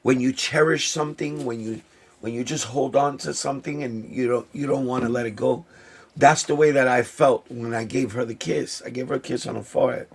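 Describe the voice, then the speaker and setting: Emotional husky New man. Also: medium pitch, fairly even intonation, a little fast. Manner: emotional, heartfelt, repeats himself. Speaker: sneaker vlogger host. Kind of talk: casual talk to camera.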